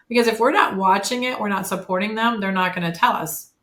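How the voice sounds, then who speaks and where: A woman in her fifties is a guest on a casual podcast interview, speaking candidly and chattily while pausing on fillers and fixing herself mid-sentence. Her middle-pitched voice has a fairly bright tone, and the room she's in is noticeably echoey.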